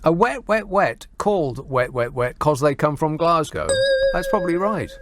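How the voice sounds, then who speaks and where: A sardonic man hosts a radio phone-in and fires quick, dry retorts at listener messages. His voice sits a touch high. The studio sound is close and dry, with no room echo. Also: expressive.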